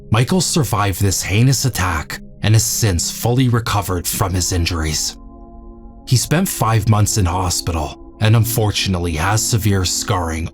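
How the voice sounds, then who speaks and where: Low voiced guy reading a true crime recap, calm and sober, soft music behind. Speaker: narrator. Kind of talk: scripted true-crime narration.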